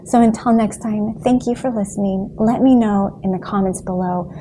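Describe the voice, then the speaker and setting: A woman's voice: mid-range voice, normal speed, warm tone, a little hiss or hum. A woman talking in a motivational vlog, earnest and encouraging as she addresses her viewers. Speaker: raw food vlogger.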